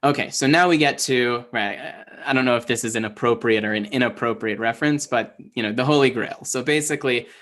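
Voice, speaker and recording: A young man with a voice of ordinary pitch teaches Hebrew reading in an online class. He talks loosely and conversationally, full of "um" and "right?", often restarting his sentences. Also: fairly quick, hardly any pauses, fairly bright tone. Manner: casual, many fillers and restarts. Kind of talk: online lesson, explaining.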